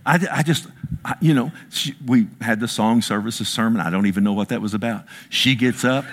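There's a slight hiss or hum as a pastor in his sixties preaches to his congregation. He shifts between loud, high bursts and slow, low emphasis, adding self-mocking asides.

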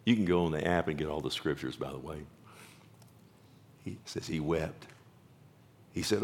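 Male pastor, gravelly voice, fervent sermon delivery, drops to whispers then swells loud. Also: rumbling low, normal speed, pauses often. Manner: passionate, swings from loud exclamations to hushed whispers.

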